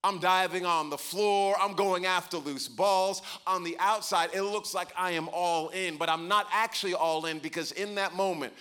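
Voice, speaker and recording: A man's voice: sits high, normal speed, few pauses, clean tone. A man pastor giving a sermon, telling stories and building to emphatic points. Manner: storytelling, animated, building to emphatic preaching.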